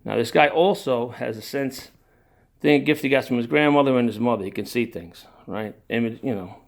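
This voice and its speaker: An older man with a gravelly, creaky voice tells his own family story in a casual, rambling way. He wanders off on tangents, sighs and restarts his sentences, and sounds moved. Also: medium pitch, moderate pace. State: emotional.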